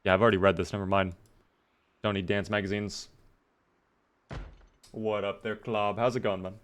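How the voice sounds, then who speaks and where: A man's voice: lowish voice, flat delivery, normal speed, a bit bright, slight background noise. A man streaming a video game, chatting casually with his viewers and joking in a mock-formal way while talking around a sore in his mouth. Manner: chats with viewers by name. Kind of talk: casual gameplay commentary to live chat.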